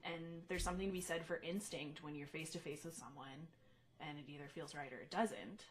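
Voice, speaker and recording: A woman's voice: low voice, a little fast, slight background noise, rough recording. A young woman co-hosting a podcast, chatting candidly and expressively. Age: young adult. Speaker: podcast co-host. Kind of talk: casual chat.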